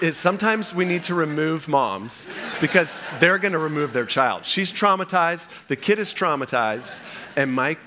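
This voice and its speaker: A middle-aged man preaching from the pulpit with a bright, forceful voice pitched a little high. He tells his stories with animation and keeps checking in with his listeners. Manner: animated storytelling with frequent "okay?" check-ins. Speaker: pastor. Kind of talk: sermon.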